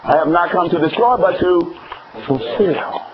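Male preacher mid-sermon, questions the room, leaps high then drops low; slightly high voice, lo-fi. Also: measured pace, crowd noise. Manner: questioning the congregation, swinging from high exclamations to low emphatic words. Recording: dull lo-fi recording with faint noise.

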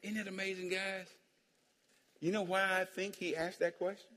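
A pastor with a high, bright, pushed voice delivers a playful sermon at a moderate pace and a level tone, joking with his congregation and calling out for amens. He's in a church sanctuary, and the recording carries a long hall reverb.

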